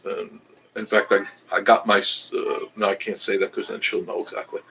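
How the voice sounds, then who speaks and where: A man's voice: fairly low pitch, fairly even intonation, normal speed, gravelly, noisy background. An older man hosting a casual livestream, chatting with viewers in a rambling, self-amused way. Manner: rambling, chatty, restarts, laughs at himself. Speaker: travel channel host reading live chat.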